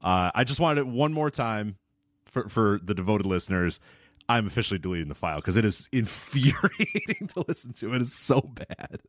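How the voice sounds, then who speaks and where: Relaxed male podcast co-host, casual and chatty, very dry close-mic sound. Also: fairly low pitch, normal speed, no room sound. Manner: laid-back, laughs easily, restarts often. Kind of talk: casual chat.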